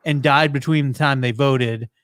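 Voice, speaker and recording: A man hosting a podcast in casual chat, animated and wry, swearing freely between asides. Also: medium pitch, normal speed, no echo, clean studio sound. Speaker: podcast host.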